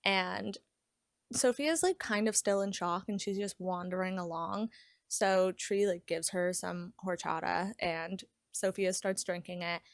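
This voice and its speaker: Speaking at medium pitch in a studio-quality recording with no echo, a young book vlogger retells a novel's scenes. She's chatty and lively, leaning heavily on "like" as she casually walks through the plot.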